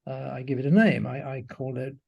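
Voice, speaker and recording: A man retelling the words of a soft-spoken young Japanese woman, speaking slowly and gently. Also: medium pitch, fairly even intonation, vocal fry, husky, muffled recording. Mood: gentle.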